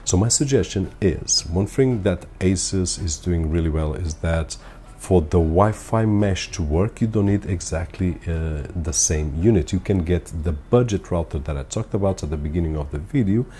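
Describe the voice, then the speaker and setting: Male tech reviewer; deep, dark voice; relaxed, explanatory delivery with recurring stock phrases. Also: moderate pace, a little hiss or hum. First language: Portuguese. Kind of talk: casual product review to camera. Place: home.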